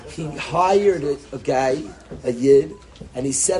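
A man telling a joke and drawing a lesson from it, in a lively, rambling way and sprinkling in Yiddish words. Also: fairly high pitch, slow pace, slight background noise. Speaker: storyteller and speaker. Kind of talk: animated storytelling talk with a lesson.

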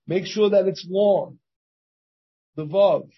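Husky rabbi teaching a Talmud class. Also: male voice, sits high, a little slow, long pauses, muffled recording. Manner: reads Hebrew and Aramaic text and translates it, with many restarts.

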